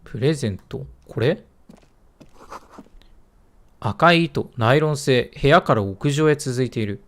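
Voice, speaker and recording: A man hosting a let's play, quickly reading and translating game lines and thinking aloud in muttered asides. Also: mid-range voice, lively intonation, fairly bright tone, faint music behind.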